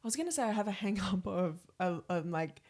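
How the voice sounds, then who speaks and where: A woman's voice: medium pitch, lively intonation, brisk, a little mellow. A middle-aged Australian woman, co-hosting a podcast, telling rambling, self-reflective anecdotes in casual chat. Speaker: podcast co-host.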